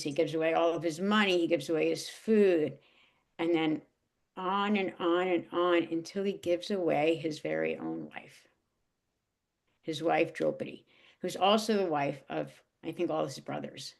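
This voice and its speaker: A woman telling an emotional personal story in a casual, halting way, with many restarts and fillers. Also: low-pitched, gravelly. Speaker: guest.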